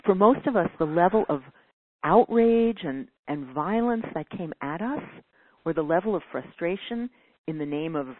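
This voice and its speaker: Her pitch sits fairly low and her delivery is animated, at a normal speed. She's teaching, responding earnestly to a caller and occasionally acting out whiny quoted voices, all over dry, phone-like sound.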